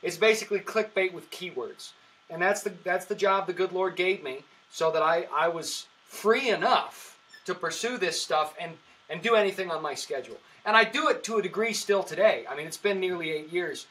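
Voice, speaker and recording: A man's voice: sits high, expressive, normal speed, sharp tone, poor audio. A man, a comedian, chatting casually on a podcast and telling rambling stories full of fillers and restarts. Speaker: comedian guest.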